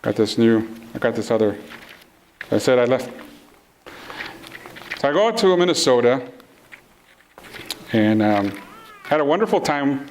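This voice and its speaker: A man's voice: medium pitch, animated, a little slow, long pauses, darkish tone, a little hiss or hum. A middle-aged man preaching a sermon in a playful, conversational way, acting out the people in his stories. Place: congregation hall.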